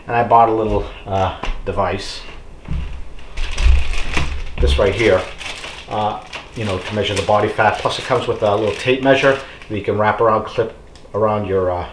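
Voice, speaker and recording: Middle-aged male vlogger, low-pitched and chatty, filler-heavy pep talk, reverberant room. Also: background noise. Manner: chatty and rambling, with many fillers; encouraging, addresses viewers as folks. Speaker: fitness vlogger. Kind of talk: casual motivational talk to camera.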